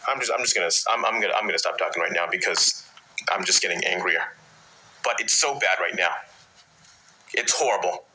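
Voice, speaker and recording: A man ranting in a frustrated, halting way, restarting his sentences again and again. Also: low voice, pushed and bright, poor audio. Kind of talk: personal rant.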